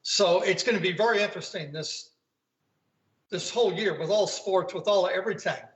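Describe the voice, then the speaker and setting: In a laid-back video-call interview from home, an older golf commentator drifts from anecdote to anecdote, imitating the voices in his quotes. He speaks at a normal speed in a high voice, and the recording has that dull, roomy video-call quality.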